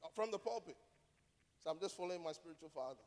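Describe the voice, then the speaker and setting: A man's voice: on the high side, lively intonation, fast, a little mellow, in a large hall. A male pastor preaching a sermon, emphatic and direct, repeating key phrases and asking rhetorical questions.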